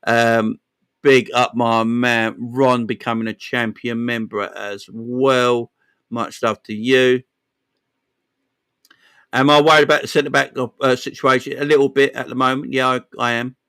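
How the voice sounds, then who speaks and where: A man's voice: mid-range voice, level tone, a little slow, a bit bright, clean tone. A young man with a London East End accent, hosting a football live stream and chatting back to his viewers, repeating phrases and tagging lines with "man" and "yeah". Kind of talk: casual live-stream chat.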